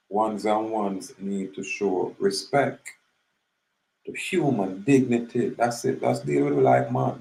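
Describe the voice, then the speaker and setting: Jamaican man, low gravelly voice, rambling casual commentary in patois, recorded in an echoey room. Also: darkish tone. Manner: rambling, mixes patois with English, acts out little scenes.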